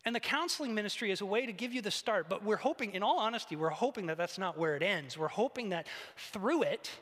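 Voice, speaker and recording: A man preaching a sermon as pastor, animated, swinging between loud emphatic highs and hushed quiet lows. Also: fast talker. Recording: echoey church hall, long reverb.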